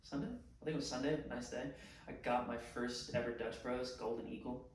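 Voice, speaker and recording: A man's voice: mid-range voice, steady tone, fairly quick, distant mic. A man talks casually as a podcast co-host, loose and chatty, with filler words running through his lines. His voice sits away from the mic in a strongly echoing room, with a faint noise floor underneath. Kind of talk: casual chat.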